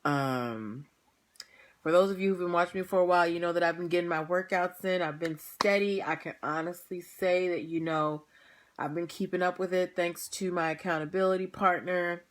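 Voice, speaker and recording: A woman's voice: lowish voice, normal speed. A young woman hosting a livestream, chatting casually with viewers, tired and laughing often. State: tired, yawning. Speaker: livestream host. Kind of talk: casual pre-show chat to viewers.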